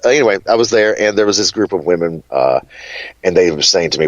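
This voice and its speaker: A chatty, flamboyant man from Kentucky with a Southern twang and a low voice. He rambles through stories in an easy, casual way. The sound is dull and dry, with no room echo. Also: animated, fast talker. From Kentucky, USA. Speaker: guest. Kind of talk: casual interview chat.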